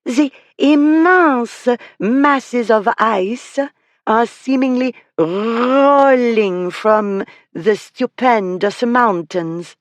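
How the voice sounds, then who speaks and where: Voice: mid-range voice, drawn-out words, dry recording, pitched above the performer's own voice. A narrator voicing a playful young lady who fakes overdone Italian and French accents, drawing out each word. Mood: mock-grand.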